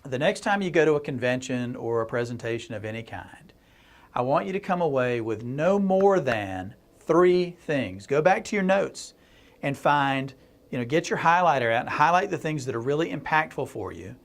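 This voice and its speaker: A man's voice: medium pitch, lively intonation, normal speed. A middle-aged man speaking to camera in a casual blog video, telling a story as a consultant and speaker, laughing and restarting often.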